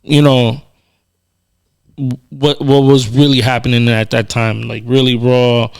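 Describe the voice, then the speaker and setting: Male podcast co-host, casual chat, earnest and reflective, smooth clear voice. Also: medium pitch, little pitch movement, measured pace. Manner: earnest, reflective, lots of fillers.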